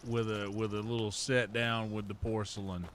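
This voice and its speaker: A man's voice: fairly low pitch, little pitch movement, moderate pace, a little hiss or hum. A man streaming a game and telling a long casual story, rambling with many fillers and restarts. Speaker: streamer and host.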